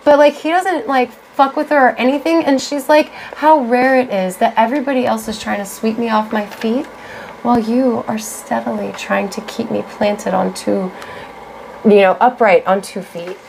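Excitable, foul-mouthed young woman. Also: a little high, moderate pace, gravelly, a little hiss or hum. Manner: excitable, swears a lot, gushes and shouts when worked up. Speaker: podcast co-host. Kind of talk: casual chat.

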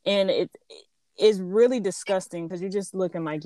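A young woman hosting a casual chat, talking candidly and telling animated stories in which she quotes other people. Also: medium pitch, moderate pace, no echo.

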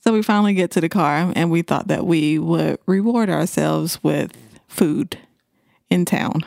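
Woman, casual chat, gravelly voice, dry close sound, blunt, laughing. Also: fairly low pitch, a little slow, darkish tone, dry recording. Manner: laughing, blunt, swears freely. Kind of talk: casual chat among friends.

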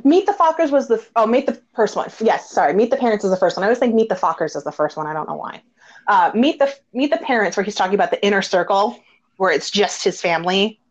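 A woman hosting a casual conversation, telling stories with lots of laughter and animated quoted dialogue. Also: medium pitch, fast talker. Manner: animated storyteller, laughs often. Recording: dull lo-fi audio.

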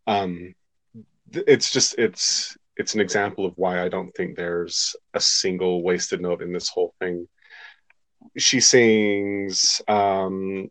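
Soft-spoken man, lower voice, dry sound. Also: steady tone, dry recording. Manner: halting, reflective, trailing off softly. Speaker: podcast co-host. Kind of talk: casual chat.

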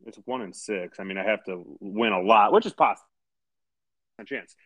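A man's voice: on the low side, moderate pace, a bit bright, no echo. A man co-hosting a casual podcast, laid-back and wisecracking with some swearing. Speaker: podcast co-host.

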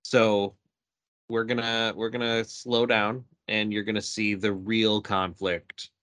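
A laid-back male co-host talks at an unhurried, drawn-out pace in a fairly low voice. His sound is close and dry, with no room around it. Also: level tone, fairly bright tone, dry recording. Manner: laid-back, agreeable, short replies. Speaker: podcast co-host. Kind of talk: casual chat.

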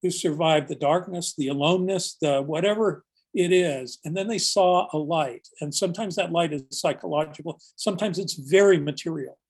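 A man's voice: a little high, moderate pace, hardly any pauses, slightly rough. An older man, a search and rescue volunteer, telling a story in a casual, earnest and reflective podcast conversation. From United States.

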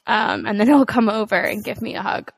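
A woman's voice: a little high, fairly quick, creaky, slightly rough, dry recording. A young woman in casual conversation, chatty and laughing often, with plenty of filler words. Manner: chatty, laughs often, many likes and ums. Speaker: podcast co-host. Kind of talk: casual chat.

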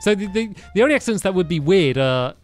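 A man's voice: high voice, expressive, a little fast, faint music behind. A man co-hosting a casual podcast chat, hesitant with many restarts and frequent laughs. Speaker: podcast co-host.

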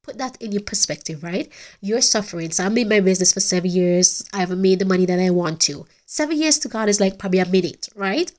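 A woman's voice: mid-range voice, expressive, fast, darkish tone. A middle-aged woman hosting a podcast, talking in an earnest, heartfelt way with many restarts. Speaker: podcast host. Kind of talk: casual faith-based podcast talk.

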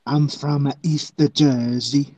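A New man doing a made-up guy from East Jersey who mangles his English. He insists on his hometown in a flat, deadpan way. He grows louder and more exasperated each time he is misheard. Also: mid-range voice, takes it slowly, dry recording. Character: self-declared East Jersey man, broken English, touchy.

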